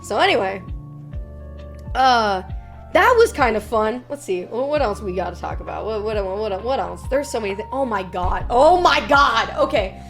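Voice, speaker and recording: A young woman streamer chatting casually and telling stories, swearing freely and animated. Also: mid-range voice, normal speed, faint music behind. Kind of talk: casual live-stream chat.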